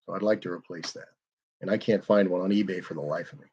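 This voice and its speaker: A man's voice: deep voice, fairly even intonation, quick pace, a little mellow, breathy edge, lo-fi sound. A man hosting a car livestream in casual, rambling, self-deprecating chat.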